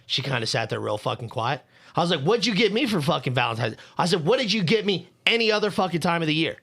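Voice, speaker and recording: A man's voice: on the high side, very animated, fast talker, creaky, fairly bright tone, breathy edge. A young man co-hosting a podcast, telling a heated, profane story about hating Valentine's Day. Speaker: podcast co-host. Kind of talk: heated casual podcast rant.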